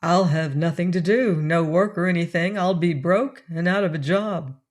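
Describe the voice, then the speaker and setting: A woman voicing a good-humoured young man in an audiobook, teasing and gently insistent. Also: on the low side, normal speed, close to an everyday voice. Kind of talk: audiobook character reading.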